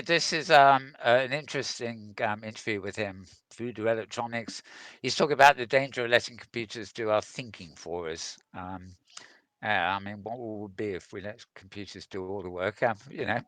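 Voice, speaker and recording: A man's voice: medium pitch, bright, forceful tone, no room sound. A man hosting a casual tech news show, rambling and chuckling as he goes. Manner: rambling, chuckling, self-mocking.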